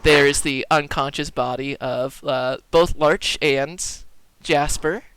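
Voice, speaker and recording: A man's voice: a little high, fairly even intonation, slow, a bit bright, smooth, no echo, low-quality recording. A man narrating as game master for a tabletop game, casual and laid-back, with plenty of ums.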